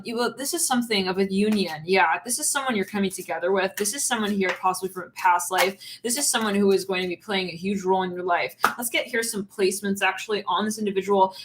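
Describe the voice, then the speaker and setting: A woman's voice: mid-range voice, noisy background. Chatty, giggly woman reading tarot. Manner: chatty, giggly, rambling with many fillers. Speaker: tarot reader. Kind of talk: casual channeled tarot reading.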